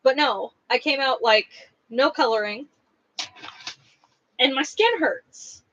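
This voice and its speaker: A woman's voice: sits high, takes it slowly, fairly bright tone, muffled recording, a little hiss or hum. A young woman hosting a craft livestream, chatting casually and rambling with lots of fillers as she reads comments. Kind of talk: casual chat reading live comments.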